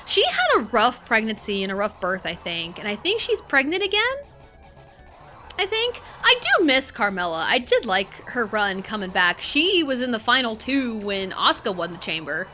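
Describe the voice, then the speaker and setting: A woman's voice: on the high side, sing-song, normal speed, bright, forceful tone, soft background music. A woman streamer chatting casually while playing a video game, rambling between topics and breaking into swearing rants. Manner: rambling, swears a lot and rants in bursts of frustration. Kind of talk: casual live-stream chat while gaming.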